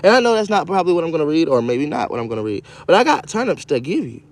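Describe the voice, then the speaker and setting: A man casually reading a children's story aloud and breaking off into loud, profane, joking commentary. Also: on the high side, sing-song, rapid-fire. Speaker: radio show host reading to kids.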